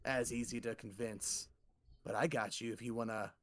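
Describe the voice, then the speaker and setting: A man's voice: mid-range voice, expressive, moderate pace, gravelly, dry recording. Male GM voicing a sly, jittery gator in a tabletop game; conspiratorial, stammers. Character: nervous scheming male gator in a swamp.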